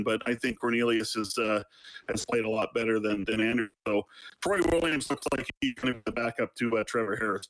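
A man's voice: medium pitch, fairly bright tone, dry recording, poor audio. A man giving casual football analysis on a radio show, speaking conversationally with lots of fillers.

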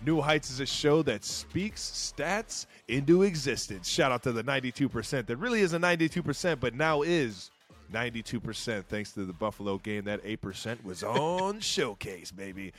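A man's voice: medium pitch, expressive, moderate pace, a bit bright. A man in his thirties co-hosting a casual sports podcast, talking loosely with lots of "like" fillers and cursing. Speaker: podcast co-host.

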